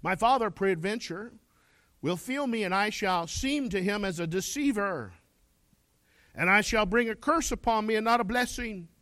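A man's voice: sits high, animated, normal speed, bright, forceful tone, dry recording. A man reading the lines of an anxious biblical younger son in a sermon. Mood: worried.

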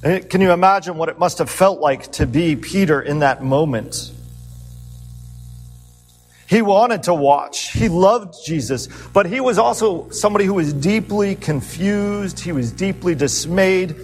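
An earnest male pastor delivers a sermon, stirring his listeners with rhetorical questions as he retells the story. His voice sits on the higher side for a man. It rings in a reverberant hall with faint music underneath. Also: moderate pace, few pauses, husky.

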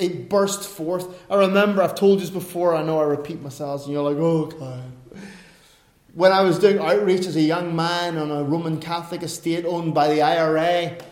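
A middle-aged male pastor preaches an emphatic sermon, slipping in chatty asides and correcting himself. His voice is a little high and a little mellow, and the room is echoey.

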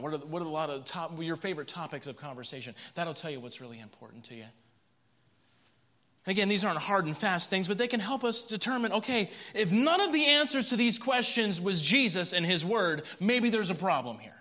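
A man preaching a sermon in a lively, chuckling way, often repeating words as he restarts. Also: sits high, a little fast. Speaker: pastor.

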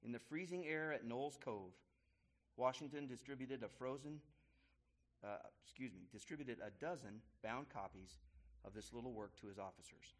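A man's voice: mid-range voice, expressive. Man reading a history story aloud. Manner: pauses to explain and restart phrases.

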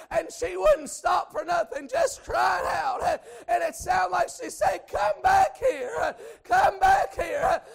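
Brief: high-voiced gravelly preacher, folksy, hushed then shouting, faint congregation behind. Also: male voice. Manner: swings from hushed asides to shouted exhortation; folksy colloquial speech. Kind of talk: storytelling sermon. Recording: church service with congregation responses.

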